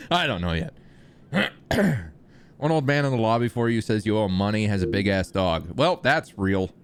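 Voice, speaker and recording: A man's voice: on the low side, animated, unhurried, pauses often, smooth. A man streaming a police roleplay, chatting casually, laughing often and swearing. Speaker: streamer playing a police chief.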